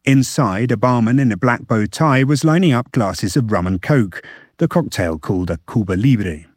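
A man reading a scripted radio news report as a correspondent, measured and steady. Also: mid-range voice, slightly rough, dry recording, studio quality.

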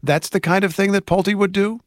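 A man hosting a news interview, asking calm, probing questions. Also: high-pitched, moderate pace, no echo, studio quality. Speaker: radio interviewer.

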